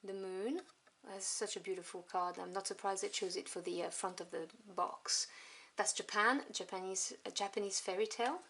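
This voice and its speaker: A woman casually reviewing a tarot deck at home, chatty and enthusiastic, with soft asides as she flips through the cards. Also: medium pitch, steady tone, normal speed. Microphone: camera on tripod. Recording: noisy home recording with clicks.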